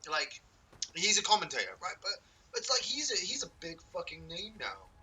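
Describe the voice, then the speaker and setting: A man's voice: high-pitched, huge pitch swings, normal speed, sharp tone. A man casually chatting and joking while streaming a video game, rambling and swearing freely. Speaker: game streamer and podcast host. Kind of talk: casual gameplay stream chat. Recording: distant mic with clear background noise.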